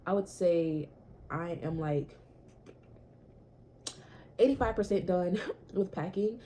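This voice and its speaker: A woman's voice: lowish voice, slow, warm tone, slight background noise. A young woman chatting casually to camera in her small apartment, repeating herself and swearing now and then. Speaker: vlogger.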